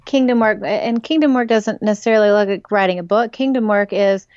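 A woman's voice: mid-range voice, fairly quick, a little mellow, dry recording, highs cut off. A woman author and ministry director talking in a casual interview, telling stories animatedly and with emphasis.

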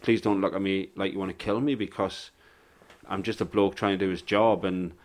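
Blunt, sweary man, low voice. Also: fairly even intonation, a little fast. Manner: blunt, sweary, laid-back. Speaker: stand-up comedian. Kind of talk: casual podcast chat.

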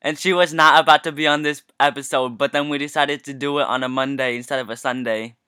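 A man's voice: mid-range voice, steady tone, fast, sharp tone, clear, resonant tone, dry recording, studio quality. A young man co-hosting a casual podcast, telling stories in a playful, joking way. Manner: playful, jokey storytelling. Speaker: podcast co-host. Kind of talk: casual chat.

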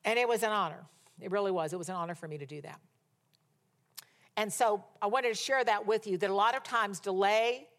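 A woman's voice: mid-range voice, a bit bright. A middle-aged woman delivers a sermon in a storytelling way. She is emphatic and exhorting, and she drives her points home through repetition. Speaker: preacher.

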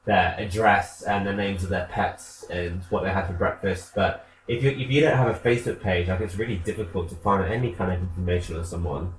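A man's voice: low-pitched, a little fast, hardly any pauses, reverberant, noisy background. A man co-hosting a podcast, talking in a dry, hesitant way full of fillers. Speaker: podcast co-host. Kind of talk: casual chat.

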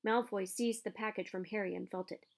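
A woman narrating a children's audiobook in a calm, even storytelling manner. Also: medium pitch, a little fast, creaky.

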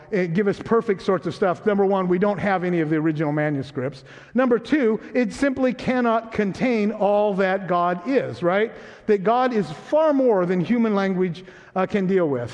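A man with a notably high voice delivers a sermon in a church sanctuary, his words trailing off into a long hall reverb. He preaches in an easy, conversational way, teasing gently and checking in with his congregation. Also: muffled recording. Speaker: pastor.

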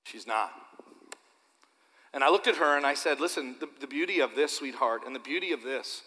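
A man preaching a sermon to his church, animated and repetitive, addressing the audience directly. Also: mid-range voice, brisk, big-room sound. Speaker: pastor.

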